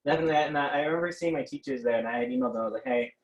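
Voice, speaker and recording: Racing along in a fairly high voice, with the highs cut off in the recording, the same teenage interviewee of Mexican heritage describes organizing a protest. He restarts often, leans on fillers, sounds hesitant, and laughs frequently while casually telling what happened.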